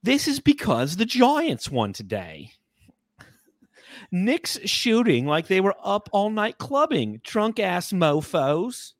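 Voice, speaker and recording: A man's voice: high-pitched, huge pitch swings, slow, no room sound, pitched above the performer's own voice, exaggerated voice. A man putting on a brash New York sports fan. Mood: mocking. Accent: put-on New York. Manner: swearing, mocking, exaggerated. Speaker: podcast host.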